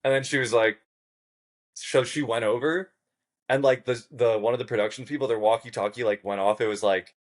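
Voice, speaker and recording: A man who is a podcast guest, telling a story in a casual, animated way, swearing freely and acting out what others said. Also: mid-range voice, a little fast. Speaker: podcast guest, game show contestant.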